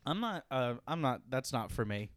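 A man's voice: mid-range voice, big pitch swings, normal speed, fairly bright tone, no room sound. A man co-hosting a comedy podcast in casual chat, joking, laughing often and slipping into silly voices. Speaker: podcast co-host.

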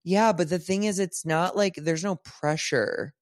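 A man's voice: high-pitched, measured pace, dry recording, clean studio sound. A man co-hosting a podcast, joking and reacting in casual chat. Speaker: podcast co-host.

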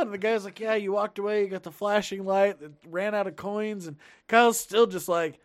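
A man's voice: high-pitched, fairly even intonation, normal speed. A man telling a rowdy story among friends, acting out the quotes with big swings in his voice.

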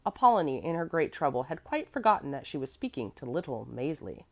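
A woman reading a storybook aloud in an expressive, measured narration. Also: rumbling low. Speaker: audiobook reader.

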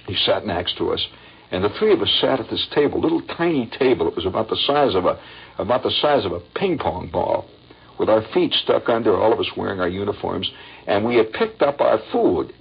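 An older man from Indiana tells a story on the radio in a low, gravelly voice. His pitch swings widely as he acts out the people in it. The recording is dull and lo-fi, with faint music behind him. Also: expressive, brisk.

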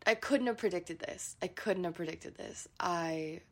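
A woman's voice: on the low side, unhurried. A woman in her twenties with a groggy morning voice, hosting her solo podcast in a chatty, candid way with little giggles. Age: 20s. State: morning voice, not warmed up. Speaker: podcast host. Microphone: podcast microphone.

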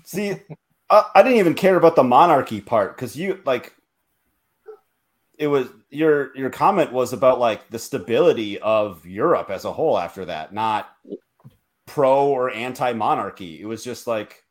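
A man's voice: medium pitch, lively intonation, normal speed. A man hosting a podcast in casual chat, hesitant and thinking aloud, peppered with "like". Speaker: podcast host.

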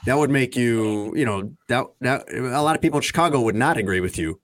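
A man's voice: medium pitch, brisk. A man hosting a casual talk show, running through news items and teasing his co-hosts. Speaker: host.

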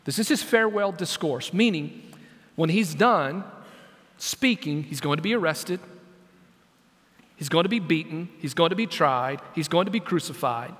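A man preaching as senior pastor, dramatic, dropping to a hush and then rising to loud, pleading questions. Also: on the high side, expressive, normal speed, pauses often, long reverb tail. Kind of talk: sermon.

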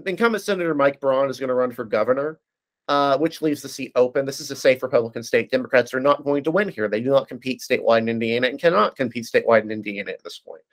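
A man's voice: mid-range voice, quick pace. A man giving a casual, detailed political analysis, talking with frequent restarts and fillers.

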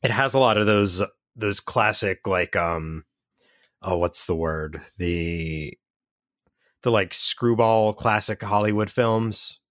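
A man's voice: fairly low pitch, takes it slowly, fairly bright tone, dry recording, studio quality. A man co-hosting a casual movie podcast, rambling and often searching for the right word. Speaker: podcast co-host. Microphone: home mic over online call.

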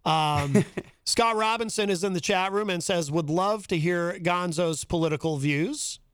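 Guy hosting a radio talk show, kinda high voice, dry close mic, reads chat stuff and laughs a lot. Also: measured pace, clear, resonant tone, no echo. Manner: reads chat messages aloud with chuckles.

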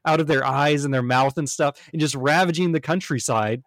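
Lively American male podcast co-host. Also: on the high side, fairly quick, dry recording. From United States. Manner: animated, retells scenes in quoted voices. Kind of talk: casual podcast chat.

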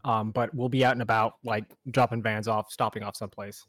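A man's voice: lowish voice, level tone, a little fast, a bit bright, no room sound. A young man co-hosting a podcast, telling a funny story with lots of laughter. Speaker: podcast co-host. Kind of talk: casual storytelling.

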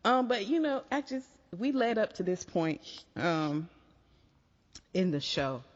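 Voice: medium pitch, big pitch swings, slow. Sarcastic podcast co-host, lo-fi reverb. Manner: sarcastic, playful teasing. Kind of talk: casual chat. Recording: dull lo-fi sound with long reverb.

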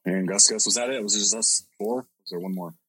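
A man's voice: lowish voice, steady tone, fast, fairly bright tone, breathy edge, no echo, rough recording. A male podcast host telling a story casually, rambling and swearing with lots of filler words.

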